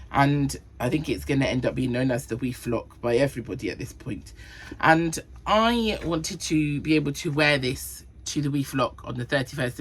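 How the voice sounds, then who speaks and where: A woman hosting a knitting podcast, chatting casually about her projects and counting rows and sizes under her breath. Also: rumbling low. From Cornwall. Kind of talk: casual chat.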